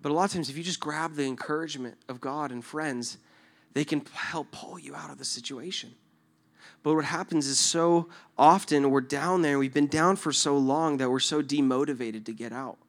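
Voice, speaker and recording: Male preacher, earnest and chatty, fairly high voice. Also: normal speed. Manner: earnest, conversational, keeps asking "right?". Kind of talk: sermon with acted illustration.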